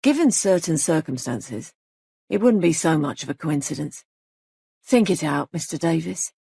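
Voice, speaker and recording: A woman's voice: low voice, expressive, normal speed, gravelly, dark tone, husky, dry recording, studio quality, heavily acted. A woman voicing a grave male police sergeant who questions people in a clipped, insistent way. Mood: stern.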